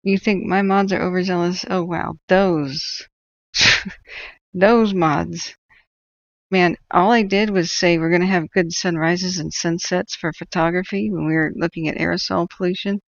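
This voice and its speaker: A woman from northern California hosts a livestream, chatting casually while tracking wildfires and telling rambling stories with frequent laughter. Her lowish voice is steady, fairly quick, and fried, with few pauses, and the audio is dull with no echo.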